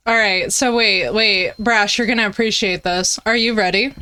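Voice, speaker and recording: A woman streamer tells a story in casual chat, animated and swearing, laughing often and making big jumps in her voice. She speaks at a medium pitch and a moderate pace.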